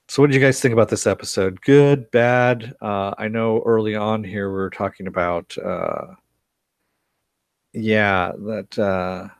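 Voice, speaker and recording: A man with a lowish voice hosts a casual live stream reviewing a TV series, with no echo on the audio. He reads chat comments aloud and rambles through the recap with lots of fillers, restarts, and frequent chuckles.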